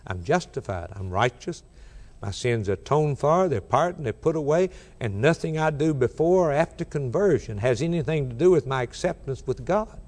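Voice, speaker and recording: A male preacher delivers a sermon in a church sanctuary, his voice trailing into a long hall reverb. He speaks at a middle pitch, pressing hard on key words, then dropping nearly to a murmur. He slows right down whenever he recites scripture. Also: expressive. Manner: emphatic, swings between loud and soft, slows for quoted scripture.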